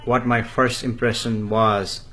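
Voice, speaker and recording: A man, talking about himself in the third person while answering viewer comments in a live spiritual talk, slow and halting with many fillers. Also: on the low side, level tone, pushed and bright.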